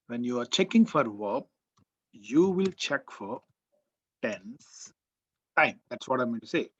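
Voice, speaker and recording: A man's voice: a little high, slightly rough. A man with an Indian English accent giving a college grammar lecture, repeating key words and quizzing the class. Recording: dull, muffled lo-fi sound.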